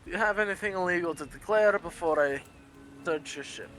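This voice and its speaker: A man's voice: high voice, fairly bright tone, faint music behind, voice pushed up, low-quality recording. A man voicing a polite but suspicious male ship captain in a tabletop game, with a put-on Russian accent that slips into Irish. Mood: stern. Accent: put-on Russian slipping into Irish. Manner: formal, measured, probing.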